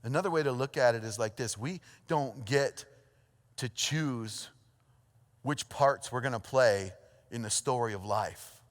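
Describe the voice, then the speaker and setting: A pastor preaching a sermon, telling a story with lively energy, then dropping to a hushed, earnest tone. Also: male voice, mid-range voice, a little slow. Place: church auditorium. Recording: long hall reverb.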